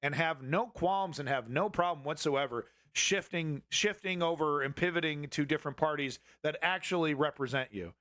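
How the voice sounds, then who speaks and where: A man's voice: on the high side, moderate pace, hardly any pauses, a bit bright, no room sound, studio quality. A man hosting a live political commentary stream, ranting heatedly and swearing at his chat.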